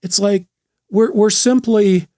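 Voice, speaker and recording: A middle-aged man, a therapist and podcast host, talking through trauma healing in a slow, gentle, thoughtful way with frequent restarts. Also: high-pitched, steady tone, dry recording, clean studio sound. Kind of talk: reflective solo talk on trauma healing.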